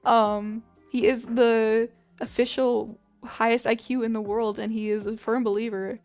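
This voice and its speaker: A woman's voice: on the high side, level tone, measured pace, a little mellow, soft background music. Young woman streamer chatting casually. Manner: rambling, frequent "like" fillers, laughs a lot. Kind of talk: casual chat.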